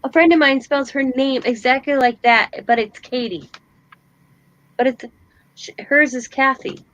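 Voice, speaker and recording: A woman in her forties hosting a casual craft chat, telling stories in a chatty, animated way. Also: high voice, measured pace, no room sound, dull audio. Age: 40s. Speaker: host.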